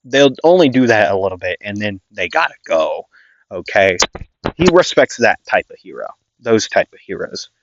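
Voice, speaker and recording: A man's voice: fairly low pitch, very animated, moderate pace, noisy background. A man telling an improvised fan story in a rambling, casual way, full of fillers and little checks, in a dull lo-fi recording.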